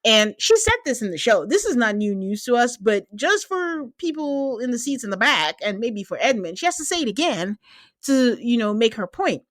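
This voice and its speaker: A woman hosting a podcast, recapping a reality show in casual, animated chat, laughing and mimicking people as she quotes them. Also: a little high, moderate pace, no echo. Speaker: podcast host.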